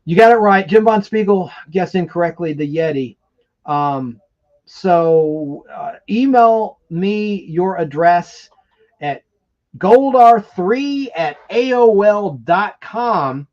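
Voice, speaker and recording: A man hosting a live stream in a rambling, excitable manner, chatting casually and reading viewer comments aloud between trivia questions. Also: high-pitched, takes it slowly, highs cut off. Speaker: livestream host.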